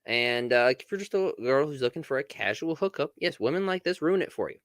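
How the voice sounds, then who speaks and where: A man's voice: mid-range voice, animated, fairly quick, fairly bright tone, no room sound. A man giving reaction commentary in a blunt, casual way, stumbling over restarts. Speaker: commentary host.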